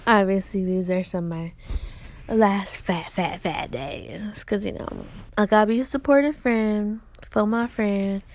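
A woman's voice: mid-range voice, measured pace, a little hiss or hum. A young woman venting bluntly and profanely in a casual solo podcast monologue. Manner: profane, blunt, animated ranting. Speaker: podcast host.

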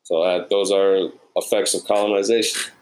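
A man's voice: sits low, little pitch movement, normal speed, a little mellow, rough recording. A man, a production sound mixer, recounting his experiences in an interview and acting out the people he met in quoted dialogue. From New York. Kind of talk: interview storytelling.

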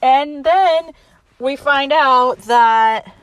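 A woman's voice: high voice, extremely slow, fairly bright tone, dry recording. A young woman casually retelling a movie plot, chatty and laughing often, acting out the characters' lines.

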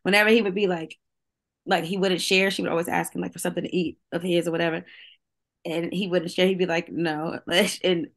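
A woman's voice: fairly low pitch, little pitch movement, a little fast. A middle-aged woman, a singer, talking candidly as a guest, chatty and full of "like" and restarts, laughing often. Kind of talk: candid casual chat.

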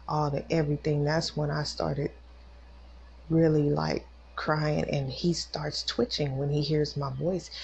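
A woman's voice: deep voice, vocal fry, darkish tone. A mother and podcast host telling a personal testimony with emotion, talking straight to her listeners. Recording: dull lo-fi recording with faint noise.

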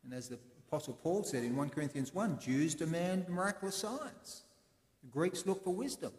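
Preacher in a reverberant church. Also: male voice, fairly high pitch. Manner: conversational, explanatory preaching with pauses. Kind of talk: sermon. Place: church in Sydney. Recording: echoey church with long reverb.

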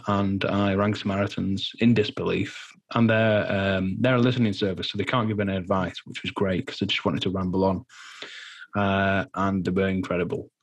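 A man giving a personal interview testimony in a halting, earnest way, full of fillers and restarts, sounding nervous. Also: lowish voice. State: nervous, anxious while speaking. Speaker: guest.

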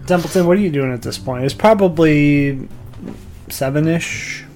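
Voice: medium pitch, moderate pace, a little mellow, soft background music, poor audio. A game master narrating a tabletop game in an easygoing way, sometimes thinking aloud.

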